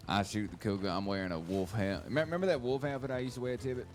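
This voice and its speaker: A man's voice: lowish voice, fairly even intonation, fast, a little hiss or hum. A man playing a western roleplay game, telling laid-back, rambling anecdotes and teasing his partner. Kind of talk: casual storytelling between players.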